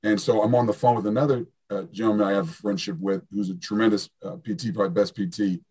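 Fast-talking husky coach. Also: male voice, on the low side. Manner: animated storyteller, acts out quoted dialogue. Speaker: strength and conditioning coach. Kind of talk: fast casual interview talk.

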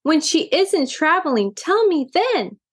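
A woman reading a storybook, voicing an excitable young girl kitten who chatters quickly. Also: extremely high pitch, voice pushed up, heavily acted. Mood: excited.

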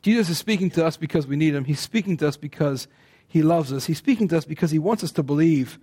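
A middle-aged man delivering a sermon from the pulpit. His voice sits fairly high, and he preaches in a chatty, easygoing way, slipping in playful asides and stories. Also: fast, mellow, husky. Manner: conversational, playful asides and laughs. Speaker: pastor.

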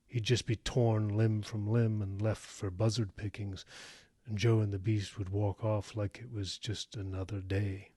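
A man narrating an audiobook in a steady, measured reading. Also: on the low side, slightly rough, no room sound, clean studio sound.

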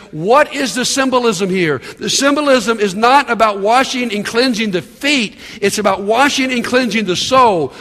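High-voiced preacher man in a reverberant hall. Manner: animated preaching, calls out "Amen?" to the congregation. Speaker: pastor. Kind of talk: sermon.

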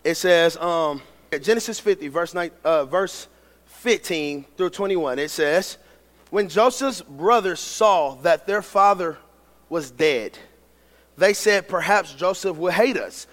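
High-voiced preacher in echoing hall. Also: male voice, slow. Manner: builds to shouted preaching, reads scripture aloud. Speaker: pastor. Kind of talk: sermon. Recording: long hall reverb.

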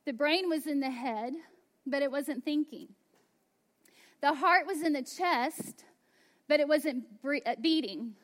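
A high-voiced woman pastor in her thirties gives a sermon at a slow, emphatic pace, slipping into hushed asides.

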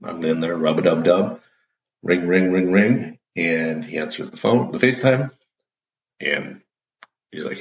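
A man's voice: low-pitched, unhurried, gravelly. A man hosting his own show, telling a playful story in a casual, upbeat monologue. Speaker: show host. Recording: roomy, dull lo-fi audio.

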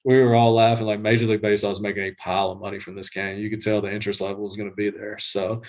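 A man's voice: fairly low pitch, little pitch movement, rapid-fire, a little mellow. A man chatting casually as a podcast guest, telling a story with many restarts and fillers. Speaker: guest groundskeeper. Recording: livestreamed podcast.

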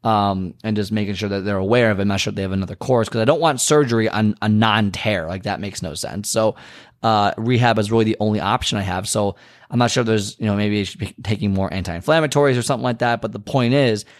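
Frank, animated man venting, dry sound. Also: fairly low pitch, quick pace, no room sound. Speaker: podcast host. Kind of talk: casual monologue.

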